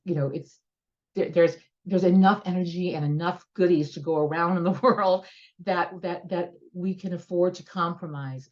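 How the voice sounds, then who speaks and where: A woman's voice: sits low, a little mellow, lo-fi sound. A woman educational consultant eagerly explaining her methods on a video-call panel.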